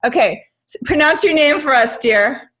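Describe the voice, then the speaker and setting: A woman's voice: high-pitched, lively intonation, moderate pace, a bit bright, slight background noise. An American woman, a dialect coach, hosting a casual webinar over a video call in a chatty, upbeat way. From United States.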